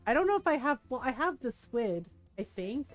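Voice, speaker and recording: A woman's voice: high-pitched, sing-song, a little fast, faint music behind. A woman livestreaming a game, casually telling a story to her chat, giggling often and acting out the voices of the people she quotes. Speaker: livestream gamer.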